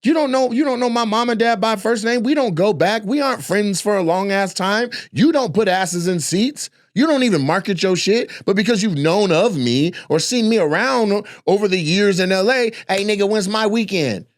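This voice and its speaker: Brief: heated profane male comedian ranting, higher voice, dry close sound. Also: animated, moderate pace, few pauses, dry recording.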